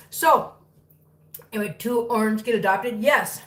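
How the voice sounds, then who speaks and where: A woman's voice: a little high, moderate pace, long pauses. A woman hosting a casual livestream from home, cooing baby talk to her cats between chatty updates to viewers. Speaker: cat rescue livestream host. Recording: echoey room, far from mic.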